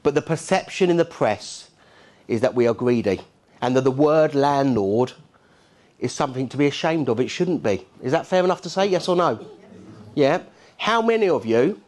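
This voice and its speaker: A middle-aged man with a Cockney accent gives a keynote to a conference audience. His delivery is punchy and rhetorical. He keeps checking in with the crowd with quick asides. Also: mid-range voice. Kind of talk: lively conference speech. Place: conference hall.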